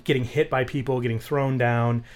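A man's voice: mid-range voice, moderate pace. Man telling swear-laced casual stories. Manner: storytelling, swears casually, animated. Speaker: podcast co-host. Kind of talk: casual chat.

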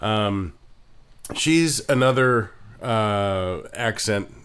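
Low-voiced man explaining with many ums. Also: drawn-out words, a bit bright, smooth. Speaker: podcast co-host. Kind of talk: casual chat about accents.

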